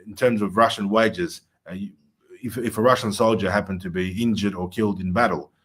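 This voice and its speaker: Male host, low-ish voice, earnest delivery with many pauses. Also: steady tone, fairly bright tone. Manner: earnest, many filler uhs, rising emphasis. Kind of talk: political talk show.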